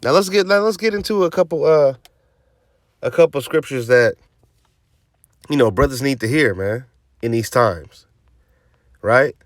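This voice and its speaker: A man's voice: medium pitch, a little slow, pauses often, no echo, studio quality. A man preaching scripture informally, emphatic and streetwise, often tossing in "man" and "right?" and sarcastic asides. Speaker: teaching officer of a religious group.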